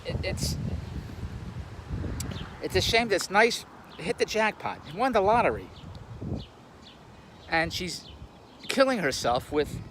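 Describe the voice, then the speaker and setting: A man's voice: a little high, fairly bright tone, slight background noise. An older man giving a blunt, rambling monologue to a camera on a tripod, repeating words and laughing at his own jokes. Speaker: YouTube commentator.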